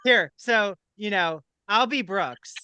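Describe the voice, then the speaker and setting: Bright, joking man hosting a gossip chat. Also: high voice, clean tone, dry recording. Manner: playful, mocking, quick to joke. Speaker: podcast host.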